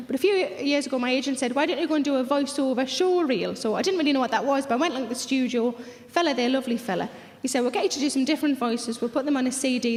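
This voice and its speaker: A middle-aged woman doing a stand-up routine, deadpan with rude punchlines. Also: high-pitched. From North East England. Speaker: stand-up comedian. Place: large theatre stage. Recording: echoey live theatre hall. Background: audience laughter.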